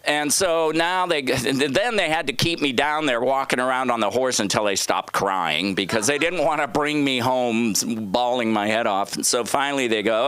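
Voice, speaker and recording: A man's voice: mid-range voice, expressive, normal speed, hardly any pauses, a bit bright, smooth. A man doing open mic stand-up, telling rambling stories with lots of asides and restarts. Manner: rambling, self-interrupting storytelling with asides. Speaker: stand-up comedian. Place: comedy club stage.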